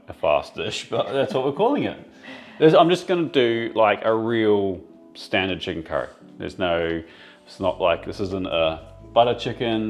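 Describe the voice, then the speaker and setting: A man with a low, gravelly voice talks through a home cooking session in a relaxed, easygoing way. He explains each step casually, with faint music playing behind him. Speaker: home cook and co-host. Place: home kitchen.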